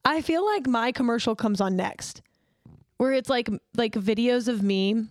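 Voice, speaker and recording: A woman's voice: fairly high pitch, lively intonation, unhurried, darkish tone, no room sound, studio quality. A woman in her twenties co-hosting a podcast, telling candid stories and laughing often. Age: 20s. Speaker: podcast co-host. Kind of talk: casual chat.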